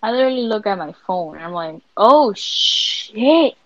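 A woman co-hosting a casual podcast chat, telling stories loudly and laughing often. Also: fairly low pitch, fast, no echo, muffled recording. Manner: loud, laughing, animated storytelling. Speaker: podcast co-host.

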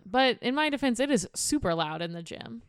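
A woman's voice: on the high side, animated, a little fast, smooth, no echo, clean studio sound. A woman co-hosting a podcast, telling stories in an emphatic, exasperated way. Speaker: podcast co-host. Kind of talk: casual chat.

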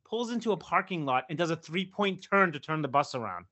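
A man in his fifties telling a long story in casual podcast chat, animated and profane, acting out the people in it. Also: a little high, a little fast. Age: 50s. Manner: animated, profane, acts out voices in his stories. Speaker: podcast co-host.

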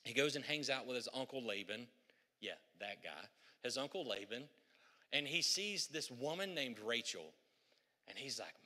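A man's voice: mid-range voice, lively intonation, moderate pace, bright, forceful tone, big-room sound. A male pastor preaching a sermon in a humorous, conversational storytelling way, in a church sanctuary.

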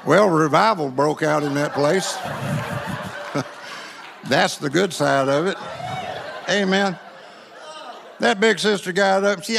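A man's voice: a little high, animated, unhurried, vocal fry, pauses often, noisy background. A man preaching in a church, telling a funny story in a folksy way and calling on the crowd to answer back. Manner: folksy, joking, call-and-response with the crowd. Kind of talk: sermon with humorous storytelling.

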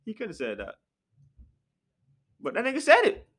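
A man talking casually on his own podcast from an apartment, with a bright, fairly high voice. His pitch swings widely, leaping into sharp outbursts and sinking into quiet mutters. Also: moderate pace. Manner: animated, jumps into sharp high outbursts then drops to low mutters. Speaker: podcast host. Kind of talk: casual solo podcast chat. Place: apartment room.

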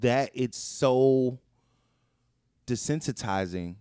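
A man's voice: medium pitch, slow, dark tone, smooth, dry recording, clean studio sound. A man co-hosting a casual podcast chat, earnest and reflective, speeding up when he quotes other people. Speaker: podcast co-host.

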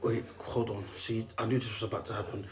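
A man's voice: on the low side, little pitch movement, a little fast. A young man chatting casually on a podcast, laughing and stumbling over his words. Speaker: podcast host. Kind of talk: casual chat. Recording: echoey room.

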